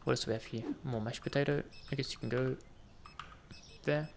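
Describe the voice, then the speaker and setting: A man's voice: mid-range voice, fairly even intonation, brisk, vocal fry, a little hiss or hum. A man giving casual, jokey commentary while playing a game, bantering with the customers on screen. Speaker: gaming video host.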